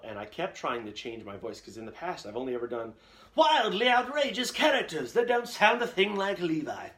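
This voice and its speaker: A man's voice: mid-range voice, a bit bright. A man hosting a live Q&A, giving casual advice in a plain, everyday voice that he calls nerdy. He rambles candidly and often restarts his sentences.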